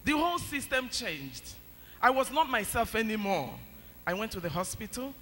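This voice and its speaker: A man's voice: high-pitched, very animated, normal speed, fairly bright tone, a little hiss or hum. A man giving an emphatic church testimony, with hesitant fillers. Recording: long church reverb, faint ambience.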